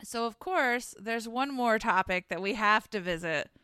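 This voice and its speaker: Female co-host, playful deadpan humor, dry close recording. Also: on the high side, unhurried, smooth, dry recording. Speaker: podcast co-host. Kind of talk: casual chat.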